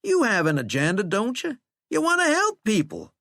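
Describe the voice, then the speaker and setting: A man's voice: high-pitched, wildly swooping pitch, normal speed, gravelly, pushed and bright, dry recording, studio quality, pitched above the performer's own voice, heavily acted. A man voicing a shackled, cursed man who is wry, sardonic and coaxing, with a folksy way of talking.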